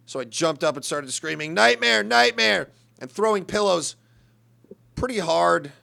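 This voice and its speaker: A man's voice: fairly high pitch, gravelly, fairly bright tone, clean tone. A young man telling a profane, rambling comic story in an exasperated ranting manner. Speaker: comedian. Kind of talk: comedic monologue.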